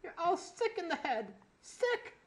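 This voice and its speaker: A man voicing a melodramatic demon pony villain in a deliberately bad put-on British accent. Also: very high voice, very animated, voice pushed up, full character voice. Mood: wailing accusation.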